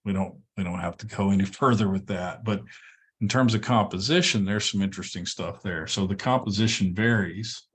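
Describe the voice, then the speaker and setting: A man lecturing a college class, relaxed and explanatory, with frequent ums and checks like "all right?". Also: lowish voice, brisk, breathy edge. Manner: relaxed, repeats words, many ums and okays. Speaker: college instructor.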